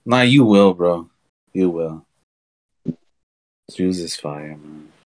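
Lively storytelling man, dry close sound. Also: sits low, takes it slowly, dry recording. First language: Spanish. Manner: animated storyteller, acts out dialogue, laughs often. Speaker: podcast co-host. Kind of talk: casual chat.

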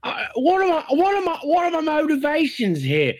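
A man's voice: very high-pitched, huge pitch swings, normal speed, crowd noise, full character voice. A man playing a bumbling, rambling Australian co-host in an improvised comedy sketch, with a put-on Australian accent. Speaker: podcast co-host.

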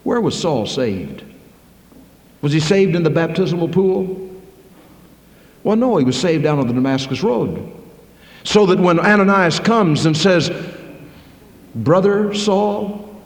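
A man preaching a sermon, swinging from loud, high-pitched preaching to slow, quiet, low passages. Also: sing-song. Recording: echoey hall, long reverb.

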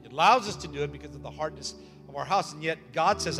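Emphatic pastor preaching in a hall. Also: male voice, on the high side, fast. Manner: emphatic, repetitive, with joking asides. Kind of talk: sermon. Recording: long hall reverb with faint music.

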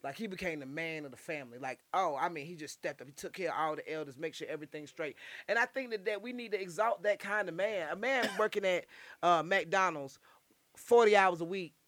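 A middle-aged woman, a guest poet, telling stories in casual podcast chat, animated, blunt and freely profane. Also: lowish voice, fairly quick, no room sound.

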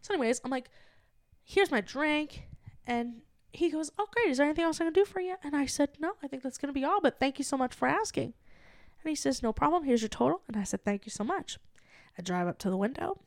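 With a high voice, a touch of vocal fry, and a slightly fast pace, a young adult woman tells a story on the comedy podcast she co-hosts, animatedly acting out the dialogue and swearing freely in casual chat. The audio is studio quality, with no echo.

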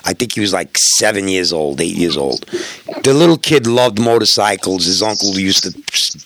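A man's voice: deep voice, lively intonation, moderate pace, fairly bright tone, slight background noise. A middle-aged man, telling profane road stories in casual podcast chat and acting out the dialogue. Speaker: podcast guest.

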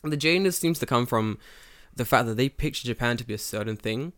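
A man's voice: mid-range voice, fast talker, a bit bright, smooth. A man in casual podcast chat, telling stories with lots of swearing and acting out quoted voices. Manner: profane, storytelling, acts out quotes. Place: lives in Japan.

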